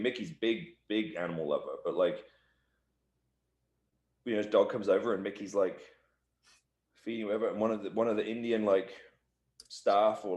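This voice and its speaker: A professional wrestler, guesting on a casual shoot interview, tells loose, rambling stories packed with "like" and "you know." His voice is on the low side with a darkish tone, and the recording is reverberant.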